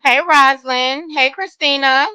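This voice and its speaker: A woman chats to her live-stream viewers from her bedroom, greeting each one by name in long, drawn-out hellos. Her voice sits high and sounds bright. The sound is dry and close, and she sniffles now and then. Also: fairly even intonation, dry recording, rough recording. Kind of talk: casual live-stream chat. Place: home bedroom.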